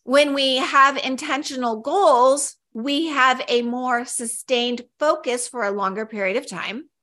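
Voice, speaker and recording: A woman's voice: sits high, a little slow, bright, forceful tone. A woman co-hosting a casual podcast, talking in a chatty, upbeat way with frequent fillers and restarts. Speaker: podcast co-host.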